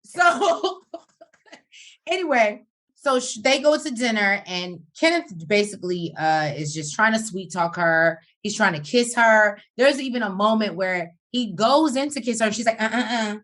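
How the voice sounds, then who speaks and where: A woman co-hosting a casual podcast, recapping a reality show with a sassy, animated manner. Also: mid-range voice, normal speed. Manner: animated, sassy, breaks into song and laughter. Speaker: podcast co-host.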